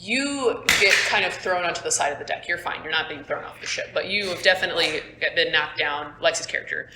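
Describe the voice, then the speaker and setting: A woman's voice: deep voice, brisk, very noisy. A young woman running a tabletop game as game master, narrating casually with lots of fillers. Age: young adult. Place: school room. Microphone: phone on table. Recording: echoey room, phone mic.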